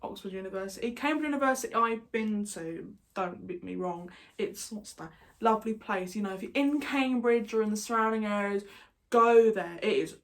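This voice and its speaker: A young woman with an English accent talks casually to her camera in a mid-pitched voice. She rambles loosely from one tangent to the next, with a chatty, unpolished delivery. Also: moderate pace. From England. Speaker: YouTuber. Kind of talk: casual vlog chat.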